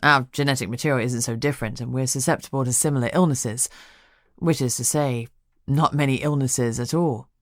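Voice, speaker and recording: A woman narrator voicing a calm, immortal male dragon shifter who speaks in a measured, even way. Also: a bass voice, dry recording, clean studio sound, voice pushed down.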